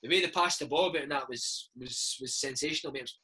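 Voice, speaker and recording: A Scottish man in his thirties, a former footballer and podcast host, telling stories in a chatty, animated way full of slang. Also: mid-range voice, fast talker, breathy edge. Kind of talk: casual chat.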